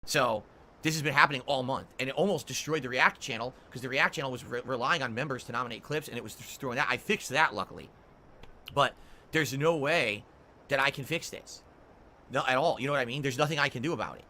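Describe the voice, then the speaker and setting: Fast, bright-voiced complaining streamer man. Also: medium pitch, a little hiss or hum. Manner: rambling and complaining, with restarts. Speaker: livestreamer. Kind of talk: casual livestream talk.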